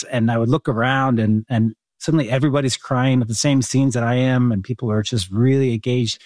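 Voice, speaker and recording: A man's voice: medium pitch, darkish tone, no room sound, studio quality. A man, a documentary filmmaker, answering interview questions in an earnest, heartfelt way with frequent restarts. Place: home room.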